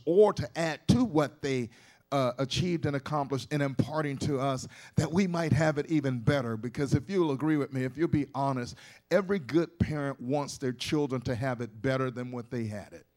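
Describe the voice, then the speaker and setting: Guy preaching, folksy and chatty, keeps restarting sentences, voice a bit on the high side. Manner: conversational preaching with many restarts and asides; folksy, with colloquial grammar. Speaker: pastor. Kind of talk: sermon.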